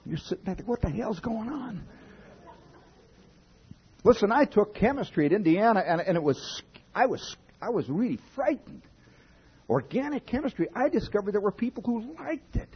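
A man with a husky voice telling a wry, profane comic story to an audience, building from low asides to loud outbursts. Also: big pitch swings, brisk, muffled recording. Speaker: humorist speaking to an audience.

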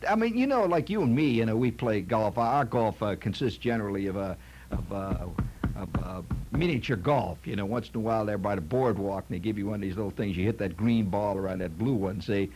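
A man's voice: on the low side, quick pace, a little mellow, a little hiss or hum. A man telling a rambling comic story in a folksy manner, peppering it with "see?" and "you know".

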